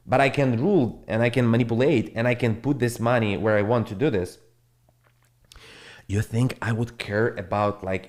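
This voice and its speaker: Blunt, profane crypto streamer. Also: male voice, medium pitch. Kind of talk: casual live-stream monologue.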